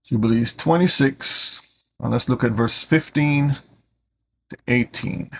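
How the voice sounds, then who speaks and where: A man teaching scripture in an animated way, often repeating words as he starts a sentence. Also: mid-range voice, measured pace, gravelly, slight background noise. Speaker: Bible teacher.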